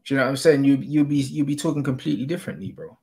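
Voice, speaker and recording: A man's voice: medium pitch, steady tone, very fast, darkish tone. A man, arguing bluntly in a heated football debate and swearing casually. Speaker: host.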